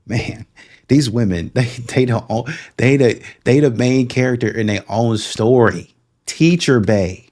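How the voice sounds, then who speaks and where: Male reaction host, mid-pitched, sneering and sarcastic, sometimes mimics the people he mocks. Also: unhurried, a little mellow. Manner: sarcastic, scornful, puts on mocking quoted voices. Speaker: reaction commentator. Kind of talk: mocking reaction commentary.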